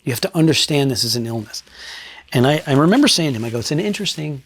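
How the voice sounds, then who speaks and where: This man, a middle-aged ex-state trooper from New Jersey, relates a case story in an interview with blunt, profane language, sinking low and quiet for emphasis. His husky voice is expressive and very fast.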